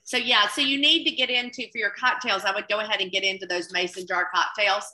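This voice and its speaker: A woman cookbook author in casual chat, excitable and exclamatory, tripping over her words. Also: mid-range voice, quick pace, noisy background. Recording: echoey room.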